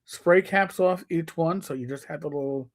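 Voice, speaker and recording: New York man telling animated stories. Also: on the high side, moderate pace. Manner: storytelling, acts out quoted players with shifting voice. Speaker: co-host. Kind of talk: casual live-stream chat.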